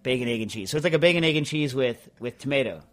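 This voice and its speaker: A man's voice: mid-range voice, lively intonation, fast talker. A man hosting a podcast in casual chat, rambling and emphatic, full of restarts as he answers listener mail. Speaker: podcast host.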